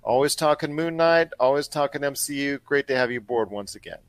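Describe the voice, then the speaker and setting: A man hosting a pop culture radio show and podcast, with an energetic, promo-style delivery. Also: medium pitch, brisk, no echo. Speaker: podcast host.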